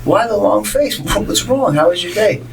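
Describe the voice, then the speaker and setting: A man's voice: lively intonation, normal speed, creaky, far from the mic, slight background noise, low-quality recording. A man voicing a concerned middle-aged mother who prods her son with questions. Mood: worried. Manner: high, concerned, prying questions.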